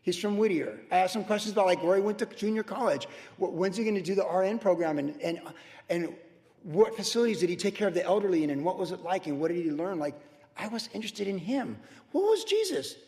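A pastor in his sixties giving a sermon in a conversational, storytelling way with animated asides. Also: high voice, quick pace, big-room sound. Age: 60s.

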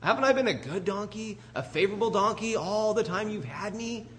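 A man's voice: high voice, lively intonation, brisk, a bit bright, slight background noise, voice pushed up. A man voicing an exasperated talking male donkey that pleads with indignant questions, in a raised voice.

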